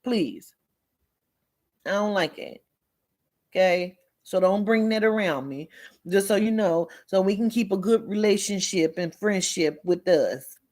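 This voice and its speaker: A woman with a medium-pitched, somewhat dark voice hosts a livestream, speaking at an unhurried pace. She lectures her viewers sternly, bluntly and emphatically, swearing heavily and issuing warning after warning. In this live chat she also responds to commenters by name.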